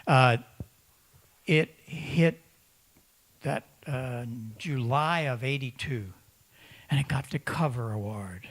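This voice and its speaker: A man's voice: mid-range voice, slow, pauses often. A man giving an emphatic conference talk to an audience of ham radio operators, repeating words for stress and acting out the voices of other hams. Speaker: presenter at a ham radio symposium. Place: conference room in front of an audience.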